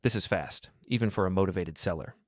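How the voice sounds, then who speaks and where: A man voicing a brisk woman agent who sounds doubtful. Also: sits low, no echo, clean studio sound.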